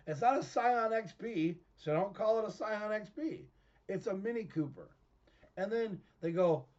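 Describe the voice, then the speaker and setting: Man hosting a home web show, high animated delivery, lo-fi sound. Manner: animated, excitable, often laughing. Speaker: host of his own online show. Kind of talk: excitable ranting monologue.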